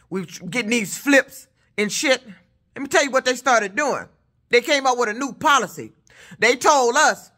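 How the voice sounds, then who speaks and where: Loud truckin woman with aave venting about her day, high voice, real bright and heated, cusses a lot. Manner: loud, heated, profane storytelling. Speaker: truck driver. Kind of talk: casual vlog rant.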